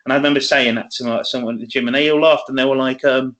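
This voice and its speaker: A man's voice: medium pitch, fairly even intonation, racing, fairly bright tone. A man, rambling in casual chat as a podcast co-host, swearing often and laughing. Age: 20s.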